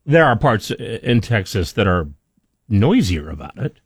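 A man's voice: fairly low pitch, big pitch swings, measured pace, slightly rough, dry recording, studio quality. A man co-hosting a talk radio show who chimes in with wry, laid-back remarks.

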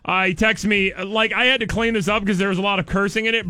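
A man with a bright, fairly high voice hosts a studio radio show. He reads odd news with a jokey lilt and circles back to repeat his punchlines. The sound is close and dry. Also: steady tone, quick pace, hardly any pauses, no echo. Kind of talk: morning radio banter and news reading.

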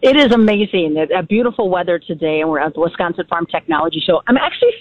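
A woman's voice: lowish voice, animated, fast. A woman with a Minnesota accent, a radio farm show host calling in from a farm show, cheerful and upbeat, laughing easily. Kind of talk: casual radio chat over the phone. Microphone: phone line. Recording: tinny dry phone line.

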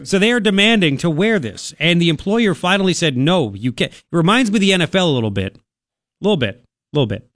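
A man hosting a talk radio show in a studio, delivering an opinionated monologue in a sarcastic, mocking, animated way. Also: sits high, fast, no echo. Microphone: studio microphone.

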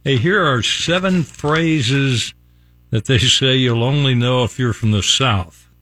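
On a casual morning radio show, an older West Virginia host reads out examples slowly in a mid-range, fairly bright voice, folksy and chuckling. It's recorded on a studio microphone with no echo.

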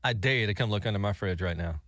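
A man's voice: lowish voice, fast, a bit bright, dry recording, studio quality. A man hosting morning radio, talking in a playful, insistent way. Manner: playful, insistent, laughs easily. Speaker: radio host.

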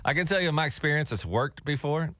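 Animated radio host man, dry studio sound. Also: on the high side, quick pace, no echo. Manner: animated storyteller, laughs often. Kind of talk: casual on-air chat.

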